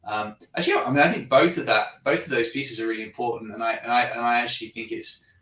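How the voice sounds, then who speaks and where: Bright eager host guy, kinda far from the mic, echoey room, keeps restarting sentences. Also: mid-range voice, fairly even intonation, quick pace. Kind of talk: casual conference chat. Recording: roomy sound from far off the mic.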